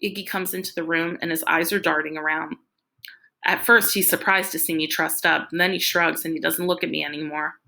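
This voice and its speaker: A woman narrating a novel in the first person, reading in a plain, steady way. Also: low-pitched, a little fast, creaky. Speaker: audiobook reader.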